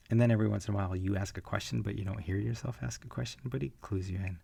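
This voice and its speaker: A man teaching an online comics class in a relaxed, rambling way, with frequent fillers. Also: lowish voice, quick pace, vocal fry, slightly rough, dry recording. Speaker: comics instructor. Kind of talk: online lecture.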